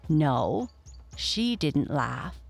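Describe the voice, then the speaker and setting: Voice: medium pitch, very animated, drawn-out words, gravelly, soft background music, exaggerated voice. A storyteller voicing a brave, cheeky young boy hippo who laughs and talks back. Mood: teasing. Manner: laughing, defiant.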